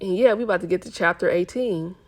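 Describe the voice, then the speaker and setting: A woman's voice: fairly low pitch, fast talker. A woman reading a novel aloud as host of her channel, with casual, chatty asides. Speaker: book reader, channel host.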